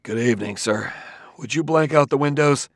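A man's voice: mid-range voice, moderate pace, dry recording, studio quality, voice pushed up, lightly acted. A man voicing a nervous but clipped male detective in an audiobook reading. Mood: tense, curt. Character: tense, agoraphobic male detective on edge.

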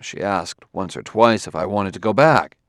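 A man's voice: low-pitched, animated, normal speed, dry recording, studio quality. A man voicing an uneasy, defensive male detective who gives clipped replies.

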